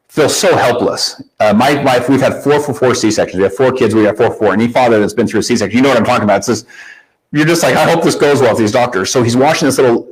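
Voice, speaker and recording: A man's voice: medium pitch, breathy edge, low-quality recording. Man telling an emotional story. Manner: animated, restarts and repeats words. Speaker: workshop speaker.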